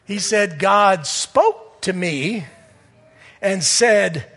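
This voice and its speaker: High-voiced preacher in a reverberant hall. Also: male voice, expressive, drawn-out words. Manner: earnest, swings from loud appeals to hushed near-whispers. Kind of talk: sermon.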